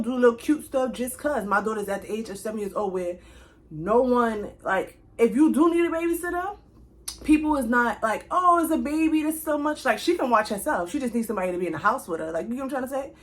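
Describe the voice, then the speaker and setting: A young woman telling a casual storytime straight to her viewers, chatty and animated, with speech. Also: fairly high pitch, brisk. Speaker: vlogger.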